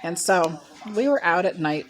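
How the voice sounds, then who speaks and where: A woman in her sixties from Ohio tells a story in a somewhat low voice. She rambles and drifts into side remarks as she goes. It is recorded on a phone held at arm's length. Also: lively intonation, moderate pace. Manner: rambling, chatty, with asides. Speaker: mukbang vlogger. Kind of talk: casual storytelling to camera. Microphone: handheld phone.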